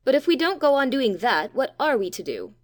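A man's voice: very high voice, big pitch swings, a little fast, no room sound, studio quality, pitched above the performer's own voice. A man reading an audiobook voices a blunt, matter-of-fact young boy. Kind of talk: audiobook character voice.

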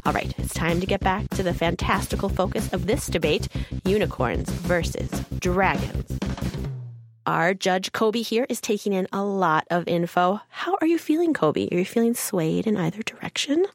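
A woman hosting a podcast in a cheerful, energetic scripted style. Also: fairly low pitch, moderate pace, faint music behind. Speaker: podcast host.

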